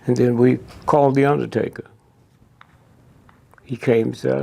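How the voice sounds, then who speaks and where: Gravelly older man, blunt and profane. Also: mid-range voice, fairly even intonation, normal speed, pauses often, darkish tone. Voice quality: gravelly and husky. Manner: blunt, profane, punctuates with "Huh?". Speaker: interviewee. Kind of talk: profane storytelling interview.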